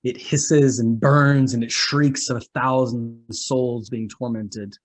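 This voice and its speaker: A man's voice: medium pitch, fairly even intonation, slow. A man narrating a tabletop game as game master, describing scenes dramatically.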